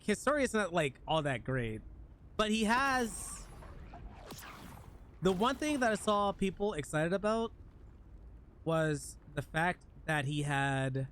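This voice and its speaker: Animated, joking male streamer. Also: a little high, slow, pauses often, a little hiss or hum. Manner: animated, joking, talks to chat while playing. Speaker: game streamer. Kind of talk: casual live-stream chat.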